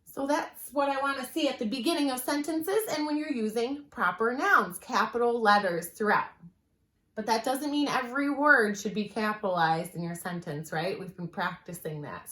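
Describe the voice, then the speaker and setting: A woman teacher giving a writing lesson, explaining clearly and patiently and slowing down to stress her examples. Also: a little high, lively intonation, fairly bright tone. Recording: echoey room.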